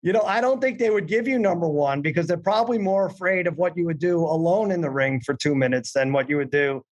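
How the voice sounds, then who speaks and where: A man's voice: a little high, quick pace. A man hosting a casual interview, talking in a playful, joking way and telling stories with animation. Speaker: host.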